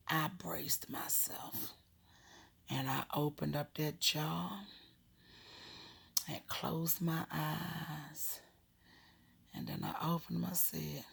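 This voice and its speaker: Gravelly, husky woman telling a story. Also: low voice, takes it slowly, long pauses. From Maryland, USA. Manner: animated, drops to hushed whispers for effect; frank, profane, laughs while telling. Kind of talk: casual personal storytelling.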